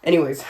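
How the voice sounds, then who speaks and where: A woman vlogging at home, showing simple workouts in a chatty, joking way while sick and short of breath. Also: on the low side. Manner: chatty, joking, laughs at herself. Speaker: family vlogger. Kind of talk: casual instructional vlog. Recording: echoey room.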